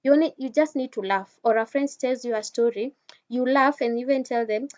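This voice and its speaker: A woman with a fairly high voice teaches calming techniques in a relaxed, conversational talk. She speaks right to the listener and often restarts her sentences. The recording sounds a little dull and lo-fi. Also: fairly quick. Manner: conversational, addresses listener directly, frequent restarts. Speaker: wellness speaker.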